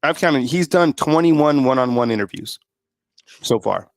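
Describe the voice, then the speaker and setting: Man, casual host, rambling with fillers, mid-pitched voice, dry sound. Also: lively intonation, measured pace, no echo. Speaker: host of a college football channel. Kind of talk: casual sports talk.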